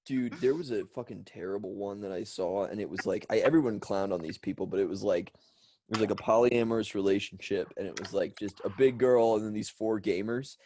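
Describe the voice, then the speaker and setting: A man's voice: lowish voice, a little fast, mellow, no room sound. A man co-hosting a podcast, telling stories in a rambling, casual way with lots of fillers and swearing. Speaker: podcast co-host. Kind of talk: casual chat.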